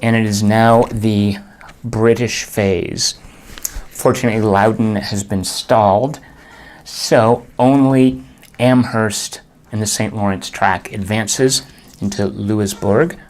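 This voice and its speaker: A man with a fairly low voice narrates his own solo board game turn by turn. He thinks aloud in a muttering, half-to-himself way and groans when the dice go against him. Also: steady tone, slow pace, darkish tone, a little hiss or hum.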